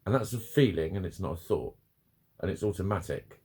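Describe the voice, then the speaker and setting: A man's voice: low voice, expressive, a little fast, warm tone, slightly rough. A man venting in a rambling, sweary, self-critical vlog. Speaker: vlogger. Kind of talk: casual confessional vlog.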